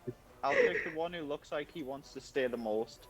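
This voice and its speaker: A man's voice: medium pitch, moderate pace, rough recording. A man playing a tabletop game, hesitant and thinking aloud as he plans his move. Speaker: player.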